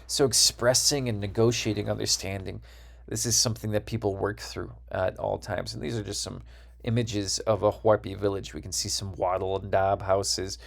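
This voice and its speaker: A man's voice: lowish voice, vocal fry. A man with a Wisconsin accent giving a recorded course lecture, explaining ideas and checking in with "right?".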